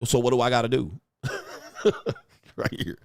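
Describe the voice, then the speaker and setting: This livestream host, a man in his forties, has a medium-pitched voice that stays level, smooth, and unhurried. Even so, his rant is profane and boisterous as he mocks critics and reads out comments from the chat. The sound is dry and studio-quality.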